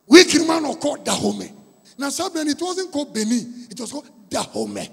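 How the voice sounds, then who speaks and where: A man's voice: extremely high pitch, wildly swooping pitch, brisk, creaky. A man with a Ghanaian accent preaching a storytelling sermon, with a repetitive, emphatic cadence. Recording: long reverb of a large hall.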